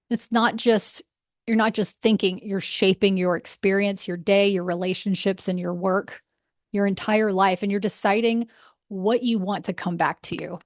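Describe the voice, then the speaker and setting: A woman's voice: medium pitch, fairly even intonation, normal speed, no room sound, clean studio sound. A woman hosting a motivational podcast as a breath work coach, talking in an earnest, encouraging and candid way, casual with fillers.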